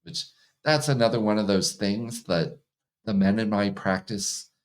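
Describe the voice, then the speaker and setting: A man who works as a hypnotherapist and coach, talking casually in an interview, relaxed and laughing often. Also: on the low side, unhurried. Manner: relaxed, laughs often, acts out quoted partners.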